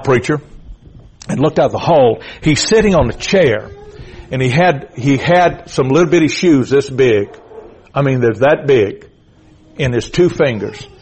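In this low-quality recording, the middle-aged preacher sounds mid-range, a little mellow and slightly rough. His sermon is fiery, blunt and emphatic, full of repeated phrases and direct calls to the congregation.

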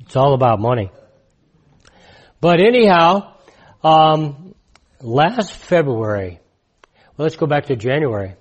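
A man in his sixties preaching in a conversational, emphatic way, repeating his key points and swinging from loud to hushed. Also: fairly high pitch, animated, slow pace, pauses often. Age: 60s. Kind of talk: conversational sermon testimony.

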